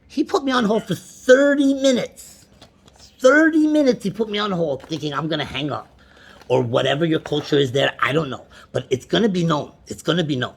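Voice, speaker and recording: A man complains over a phone call in a gravelly, husky voice that sits a little high. He stumbles through repeated restarts and breaks into exasperated outbursts. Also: very animated, moderate pace. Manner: frustrated, repetitive, with many restarts and rising outbursts. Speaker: bank customer on a phone call. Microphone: phone call recording.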